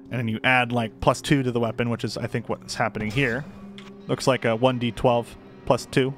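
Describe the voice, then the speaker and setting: A man's voice: medium pitch, fairly bright tone. A young man giving casual, self-deprecating commentary while playing a game, rambling in chatty asides. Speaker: gameplay commentator.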